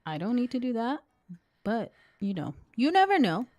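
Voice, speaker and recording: A woman's voice: on the high side, very animated, normal speed, a little mellow, dry recording. Woman streamer taunting a game ghost. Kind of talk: live gameplay commentary.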